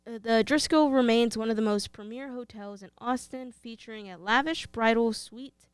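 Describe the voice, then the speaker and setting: Texan woman, podcast co-host, playful fact-reader, higher smooth voice. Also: moderate pace, dry recording. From Texas. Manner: playful, reads facts then banters. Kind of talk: casual chat.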